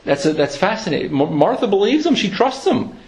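A man preaching a sermon in an earnest, reflective way, slowing down to quote scripture. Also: high voice, sing-song.

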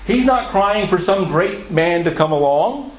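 A man with a high voice preaches a sermon, earnest and emphatic, asking his listeners questions. He often stumbles and repeats a word before pushing on. The room is echoey around him. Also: lively intonation, measured pace. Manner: stumbles and repeats words mid-sentence.

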